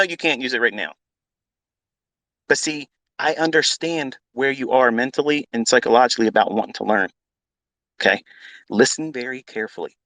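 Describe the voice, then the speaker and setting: A man's voice: medium pitch, animated, brisk, pushed and bright, no echo, rough recording. A man teaching trading as a mentor, ranting bluntly with heavy swearing and repetition. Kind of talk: unscripted profane rant.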